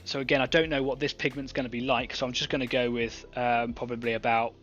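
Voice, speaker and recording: A man's voice: mid-range voice, flat delivery, fast talker, fairly bright tone, highs cut off. Male host, casual talk with lots of ums while he works, mid voice, faint music bed. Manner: chatty, thinking aloud with fillers. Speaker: online painting club host. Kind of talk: casual live-stream painting demo.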